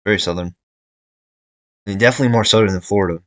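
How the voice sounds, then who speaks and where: A man's voice: fairly low pitch, fast, fairly bright tone, no room sound, rough recording. A young man giving casual tier-list commentary, thinking aloud with fillers and restarts. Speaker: video creator ranking states.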